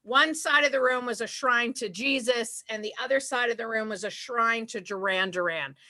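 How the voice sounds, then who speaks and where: A woman's voice: on the high side, sharp tone. A middle-aged woman with a Boston accent doing a chatty, self-deprecating stand-up set over a video call. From Boston area, USA. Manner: chatty, self-deprecating, breaks into quick put-on voices. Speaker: stand-up comedian.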